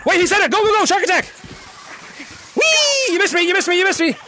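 A man live-streaming a VR game, shouting greetings and cheering his players on with lots of laughter, into a headset mic. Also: very high voice, racing, noisy background. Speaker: gaming streamer. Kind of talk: excited live-stream chat while playing.

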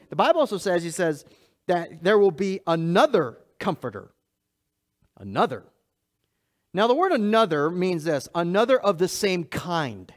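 A man pastoring a church preaches a sermon, emphatic and repetitive, swinging between loud and hushed lines as he addresses the congregation directly. His voice is high, and he laughs at himself.

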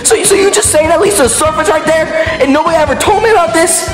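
A man voicing an excitable, boastful and naive male skeleton who talks brashly, with lots of slang. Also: extremely high pitch, fast, reverberant, over music, pitched above the performer's own voice. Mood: excited. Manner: brash, shouty, slangy, keeps saying man and boy.

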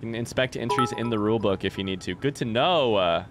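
A man's voice: medium pitch, fast talker, a bit bright, a little hiss or hum. A young man doing live let's-play commentary, chatting with viewers and reading game text aloud.

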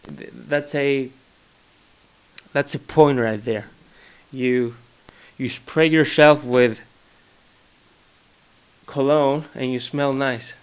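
Slow-talking young Greek-accented man. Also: medium pitch, steady tone, clean tone. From Greece. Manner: rambling, joking, searches for words. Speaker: vlogger. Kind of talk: casual solo monologue. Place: his home.

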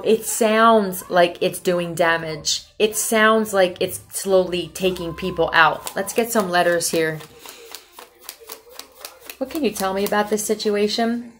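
A woman's voice: mid-range voice, a little hiss or hum. A woman from Philadelphia giving a casual tarot reading, talking bluntly and with a lot of profanity, rambling from one thought to the next. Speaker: tarot reader.

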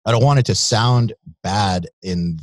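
A man with a very low voice speaking candidly as a podcast guest. His delivery is blunt and straightforward, and the sound is dry with no room echo. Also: a little slow. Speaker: podcast guest, company CEO. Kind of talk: casual interview chat.

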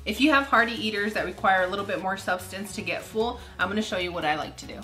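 A woman's voice: medium pitch, fast, music in the background. A woman hosting a cooking channel, giving upbeat, chatty step-by-step recipe narration.

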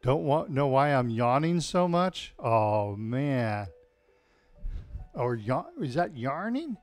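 Slow-paced man cueing tai chi. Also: mid-range voice, dry recording, faint music behind. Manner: calm cueing of movements mixed with deadpan puns. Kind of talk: live-streamed exercise class with jokes. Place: home, alone without a live audience.

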